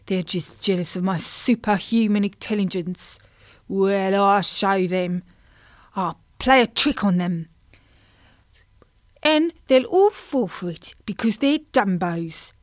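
A woman's voice: medium pitch, slow, no room sound, studio quality, natural voice. A woman voicing a grumpy, pompous male carp who is big and vain, talking in a huffy, self-important way. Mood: indignant.

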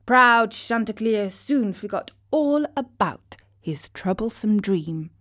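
Female storybook narrator, slow and expressive. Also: mid-range voice.

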